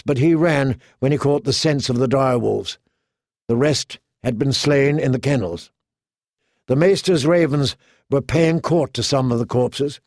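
Slow, gravelly male audiobook narrator. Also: mid-range voice, no echo, studio quality. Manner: measured, even storytelling.

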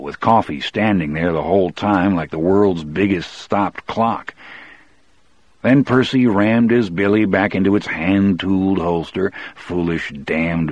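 A man narrating a novel in the first person as an audiobook, in a measured, deliberate way. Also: low voice, breathy edge, no room sound, dull audio.

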